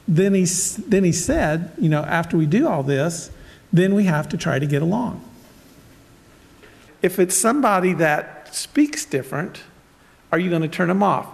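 A man preaching a casual sermon, telling everyday stories and talking directly to his congregation. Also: a little high. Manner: conversational, storytelling, asides to congregation. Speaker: pastor. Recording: long hall reverb.

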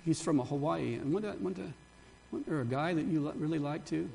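An older man, a pastor, giving a Palm Sunday sermon, with animated preaching and chatty asides to his congregation. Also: on the high side, fairly quick, vocal fry, a little hiss or hum.

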